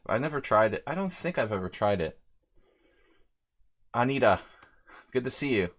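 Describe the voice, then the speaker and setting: A chess streamer based in Hungary runs a live simul, offering rambling, casual commentary between moves and mentioning viewers by name. His voice sits fairly low and sounds a bit bright.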